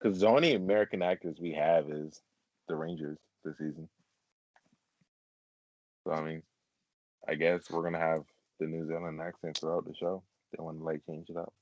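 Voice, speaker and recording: A man's voice: very deep voice, fairly even intonation, moderate pace, pauses often, a little mellow, lo-fi sound. A man hosting a casual podcast chat, rambling and laughing, heavy on fillers. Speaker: podcast host.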